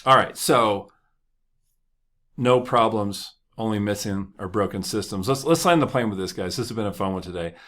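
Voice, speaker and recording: A man's voice: lowish voice, fairly bright tone. A man hosting a motivational podcast, talking casually and joking as he tells stories. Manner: conversational, joking, laughs often. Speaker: podcast host.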